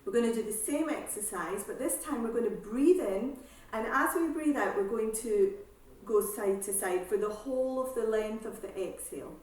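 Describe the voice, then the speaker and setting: A woman fitness instructor calmly leads a seated breathing class, giving slow breath cues and counting aloud. Her voice sits on the high side. It was recorded in an echoey room, and she sounds far from the mic.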